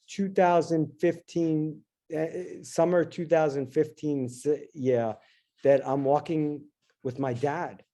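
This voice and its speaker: A middle-aged man, a guest in an interview, telling a personal story in an animated, casual way and acting out his own past lines. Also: fairly high pitch. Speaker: interview guest, dentist and investor.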